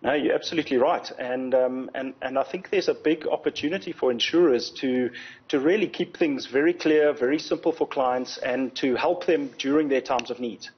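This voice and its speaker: A man speaks as a guest on a TV news interview, explaining at a measured pace and repeating words as he gathers his thoughts. His voice is a little husky and sits in a middle register. The audio sounds slightly dull and muffled. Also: medium pitch. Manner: measured, explanatory, frequent word repetitions. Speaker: insurance company executive, guest.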